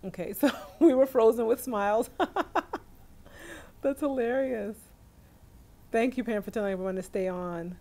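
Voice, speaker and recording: A woman in her forties from New York hosts a casual livestream from her phone at home, chatting, laughing often and greeting viewers by name. Her voice is fairly high and mellow, with a measured pace and long pauses.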